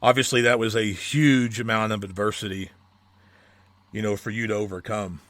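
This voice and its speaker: A man's voice: on the low side, level tone, moderate pace, fairly bright tone. A man hosting a podcast, chatting casually and prompting his guest to share his stories. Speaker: podcast host. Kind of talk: casual interview chat.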